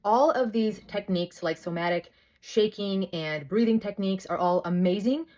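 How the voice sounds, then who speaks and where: A woman's voice: medium pitch, moderate pace. A woman in her thirties, a bit out of breath, talking chattily into her phone, breaking off and restarting her sentences. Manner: chatty, self-interrupting, animated storytelling. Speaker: host. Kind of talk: casual talk to camera. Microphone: phone held close.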